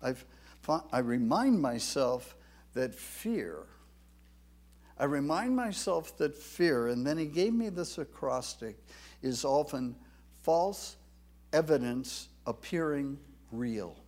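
A man preaching a sermon, swelling to loud, emphatic declarations when he quotes scripture. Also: medium pitch, expressive, slow. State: tired from little sleep. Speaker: pastor.

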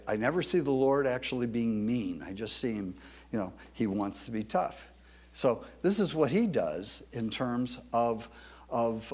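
Animated male pastor preaching a sermon. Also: breathy edge. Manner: animated, booming when quoting scripture, halting with many fillers.

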